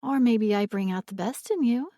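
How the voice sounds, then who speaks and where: A woman voicing a kind young woman who coaxes a small child in a soft, sing-song voice. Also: on the high side, expressive, moderate pace, no room sound, clean studio sound, voice pushed up, natural voice. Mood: gentle.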